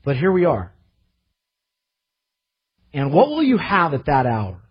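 A male pastor preaching a sermon, impassioned and slowing down to stress the scripture he reads, heard in a church. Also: fairly high pitch, huge pitch swings, husky, dull audio. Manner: impassioned, slows to emphasize scripture.

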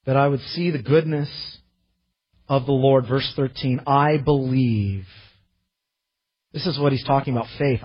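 A male pastor preaching a sermon, impassioned and slowing down to stress the scripture he reads, heard in a church. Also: mid-range voice, breathy edge, dull audio. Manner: impassioned, slows to emphasize scripture.

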